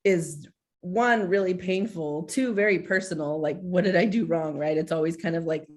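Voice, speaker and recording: A woman in her forties speaks on a video call in a candid, heartfelt way, with her words full of filler likes. Her voice sits a little low for a woman. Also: normal speed. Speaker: school social worker. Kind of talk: casual video-call presentation.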